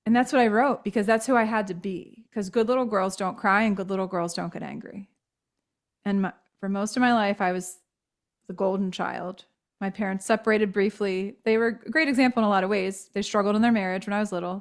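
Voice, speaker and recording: A woman in her thirties speaks as a podcast guest, candid and reflective as she tells her own story. Her voice sits at an ordinary middle pitch.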